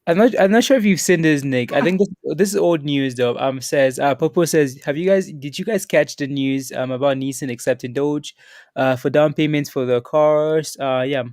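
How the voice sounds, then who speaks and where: A man co-hosting a live stream reads viewer comments aloud and laughs easily between them. His voice sits a little higher than most men's. The sound is dry and close, with no room around it. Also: normal speed, darkish tone, dry recording. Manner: laughs often, reads super chats aloud. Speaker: co-host of a crypto livestream. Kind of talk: casual livestream chat reading viewer comments.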